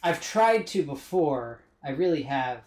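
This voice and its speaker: A man commenting on his gameplay with wisecracking humor, in a slow, drawn-out delivery. His pitch bounces around a lot, and his voice rings in an echoey room. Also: big pitch swings, a little mellow. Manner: jokey, wisecracking. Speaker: gaming streamer. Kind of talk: casual let's-play commentary.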